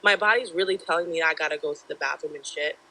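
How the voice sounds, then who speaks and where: A woman's voice: low-pitched, quick pace, sharp tone, voice pushed down, poor audio. A woman voicing a stubborn, sassy young woman who refuses to use the bathroom, in an exaggerated mock-defiant way.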